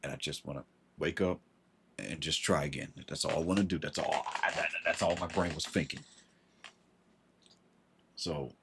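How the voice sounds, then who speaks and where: A man telling a personal story on a livestream, halting and repeating himself, with frustration in his voice. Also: rumbling low, steady tone, gravelly, very noisy. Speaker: vlogger.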